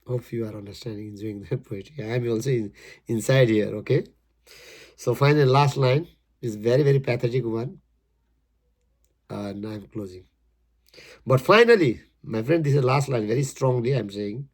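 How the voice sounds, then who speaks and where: Gravelly husky man. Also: mid-range voice. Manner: emphatic, repeats words, non-native English with halting restarts. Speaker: poet explaining his poem. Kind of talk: casual spoken explanation.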